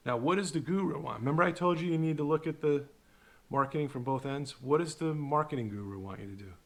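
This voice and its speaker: A middle-aged man giving casual talking-head commentary, animated and sarcastic, tagging "right?" onto his points. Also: a little high, fast talker. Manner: animated, sarcastic, mocks marketers in put-on voices; repeats "right?" to the viewer. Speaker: online video host.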